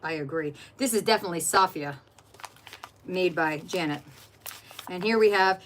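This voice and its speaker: A woman's voice: fairly low pitch, normal speed, slight background noise. A middle-aged woman hosting an art journaling channel, chatting casually while flipping through her journal and greeting viewers by name.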